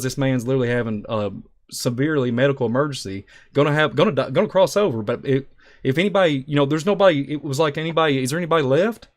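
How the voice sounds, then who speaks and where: Man, animated storyteller, rambling, emphatic, acts out other voices, middle-pitched voice. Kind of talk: animated storytelling on a talk show.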